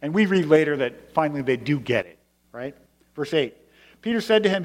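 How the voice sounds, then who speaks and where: A man's voice: fairly high pitch, expressive, brisk. A male pastor giving a sermon in a conversational, explanatory way with emphatic stresses. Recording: long hall reverb.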